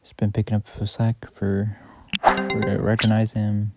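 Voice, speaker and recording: A man's voice: fairly low pitch, monotone, moderate pace, over loud music. A man giving casual, rambling commentary on his own game, correcting himself as he goes. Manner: rambling, self-correcting, offhand. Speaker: gaming YouTuber. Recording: loud background noise.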